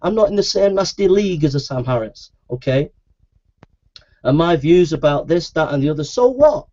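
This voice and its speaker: A man's voice: a little high, fairly quick, dark tone. A man, a Christian preacher speaking straight to his webcam in a heated, aggrieved monologue that keeps circling back on itself. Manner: aggrieved, repetitive, insistent. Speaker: Christian preacher and video maker. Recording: dull lo-fi webcam audio.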